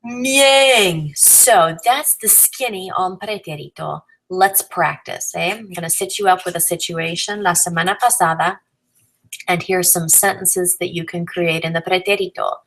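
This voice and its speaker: A woman with a low voice and a gravelly edge gives a recorded lesson. She explains grammar patiently, step by step, and spells out letters along the way. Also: normal speed, fairly bright tone, poor audio. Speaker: Spanish teacher.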